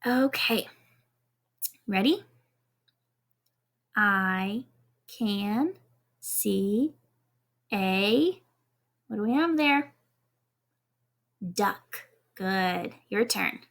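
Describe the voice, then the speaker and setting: A woman teaching kindergarten in a video lesson, encouraging and clear, spelling out letters one at a time for young children. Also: medium pitch, expressive, very slow, long pauses, fairly bright tone.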